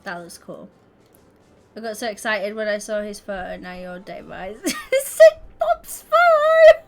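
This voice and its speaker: A woman's voice: medium pitch, fairly even intonation, normal speed, creaky, fairly bright tone, soft background music. A young woman streaming live, chatting casually with her viewers and constantly breaking into giggles. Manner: giggly, keeps breaking into laughter.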